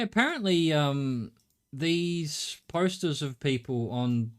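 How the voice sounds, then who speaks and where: A middle-aged Australian man streaming a game, thinking aloud in a rambling way and swearing casually. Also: a little high. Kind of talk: live gameplay commentary.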